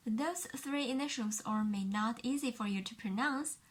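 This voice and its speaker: Teaching pinyin, this Mandarin-native woman with a Chinese accent and fairly high-pitched voice walks through sounds slowly and carefully. She repeats every one so the learner can follow.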